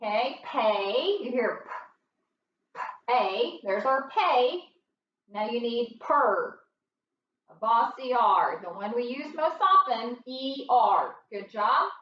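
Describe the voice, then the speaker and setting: A woman teaching a phonics lesson, sounding out words slowly and patiently for young learners. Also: fairly high pitch, expressive, reverberant, distant mic, lo-fi sound, slight background noise.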